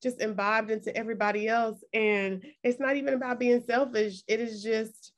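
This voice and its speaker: A woman hosts a relaxed interview, her voice a little higher than most. She is emotional and effusive, sounding close to tears as she speaks. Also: moderate pace. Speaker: podcast host and coach. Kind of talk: casual interview chat.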